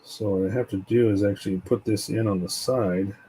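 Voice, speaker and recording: A man casually talking through a scale model build as he works, relaxed and rambling. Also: on the low side, brisk, breathy edge, rough recording. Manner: relaxed, rambling, tells stories while working.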